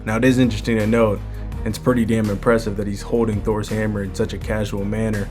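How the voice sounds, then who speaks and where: A man's voice: on the low side, flat delivery, quick pace, music in the background. A man hosting a manga breakdown in a casual commentary style, using plenty of "like" and "you know".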